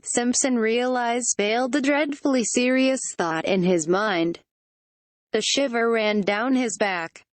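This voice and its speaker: A text-to-speech female voice narrating a horror audiobook with a flat synthetic reading. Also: medium pitch, unhurried, no room sound.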